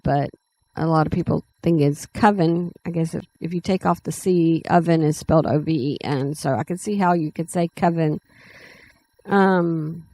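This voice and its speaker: A middle-aged woman hosting a writing channel, reading her own story draft aloud in a plain, unhurried way with small self-corrections, then talking to her viewers. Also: lowish voice, a little mellow, poor audio.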